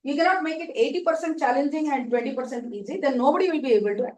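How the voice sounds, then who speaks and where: A woman's voice: high-pitched, quick pace, darkish tone. A woman giving an advisory training talk, emphatic and explanatory, repeating her key points. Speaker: speaker giving a contest training session. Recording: echoey room, distant mic, faint noise.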